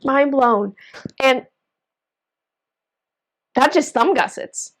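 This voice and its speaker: A woman's voice: a little high, moderate pace. A woman hosting a knitting video, chatting casually while she demonstrates, enthusiastic and gushing with frequent exclamations.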